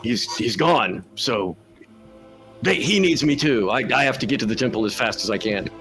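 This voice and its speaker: A man playing a tabletop game, describing his character in a halting way while he searches for words. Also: medium pitch, lively intonation, fairly bright tone, faint music behind. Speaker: player.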